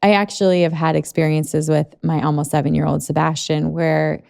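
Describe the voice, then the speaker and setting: Low gravelly woman, chatty podcast host. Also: little pitch movement, a little fast, warm tone. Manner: rambling, lots of "like". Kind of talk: conversational podcast interview.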